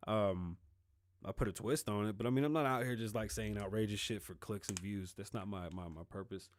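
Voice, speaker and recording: A middle-aged man hosting his own show, talking loose and sarcastic, with plenty of swearing and the dry mouth of someone who says he is high. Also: fairly quick, no room sound. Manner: loose, rambling, profane and sarcastic. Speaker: show host. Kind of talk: casual political commentary.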